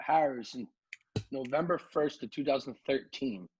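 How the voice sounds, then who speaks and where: A man, a nightlife promoter, telling lively stories on a podcast, acting out the people he quotes. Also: mid-range voice, normal speed, dull audio, slight background noise. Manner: animated storyteller, acts out quotes, many fillers like "like". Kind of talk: casual podcast storytelling.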